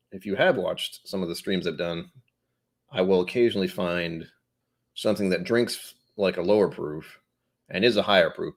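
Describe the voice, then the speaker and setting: A man hosting a casual whiskey tasting livestream, thinking aloud and correcting himself as he goes. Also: sits low.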